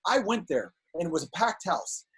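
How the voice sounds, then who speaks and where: A middle-aged man, a filmmaker guest on an interview show, telling animated, indignant stories in casual talk. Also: sits high, moderate pace, breathy edge. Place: home on a video call.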